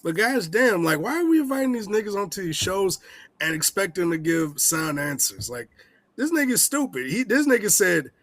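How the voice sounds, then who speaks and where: A young man co-hosting a comedy podcast, ranting in a heated, profane and animated way. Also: high voice, moderate pace. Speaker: podcast co-host. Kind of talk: casual comedic rant.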